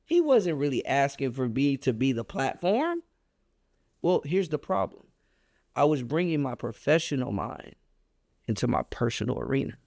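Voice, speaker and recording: A man telling a personal story on a podcast, animated and emphatic in a casual, colloquial way. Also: normal speed, gravelly, no echo, clean studio sound. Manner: animated, emphatic storyteller with a wide pitch swing; casual and colloquial, reflective when making his point.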